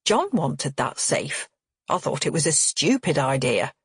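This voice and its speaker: A woman reading an audiobook voices an elderly father with dementia in a low, slow, husky voice. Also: no echo, studio quality, exaggerated voice. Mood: lucid. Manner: low, slow, shifting from lucid calm to panicked shouting.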